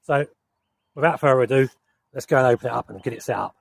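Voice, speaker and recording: A man's voice: mid-range voice, quick pace, gravelly, a little hiss or hum. A man, talking bluntly and casually as he sets up camp outdoors in a woodland for his vlog. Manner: blunt, plain-spoken. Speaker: camping vlogger.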